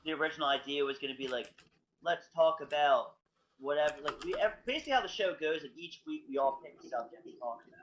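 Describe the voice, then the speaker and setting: A man's voice: on the high side, lively intonation, fast, fairly bright tone, a little hiss or hum. A man co-hosting a podcast, talking in a rambling, enthusiastic casual chat full of fillers. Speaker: podcast co-host. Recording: dull lo-fi stream audio.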